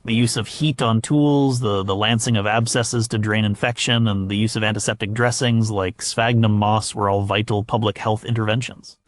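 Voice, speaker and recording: A man narrating a scripted history documentary in a measured way, with occasional stumbles and fillers. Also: fairly low pitch, steady tone, no echo.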